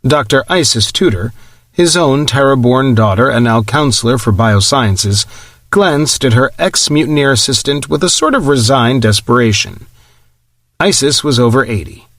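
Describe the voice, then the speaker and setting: A man's voice: medium pitch, lively intonation, moderate pace, fairly bright tone, no room sound. Man narrating an audiobook, dry sound. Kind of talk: scripted narration.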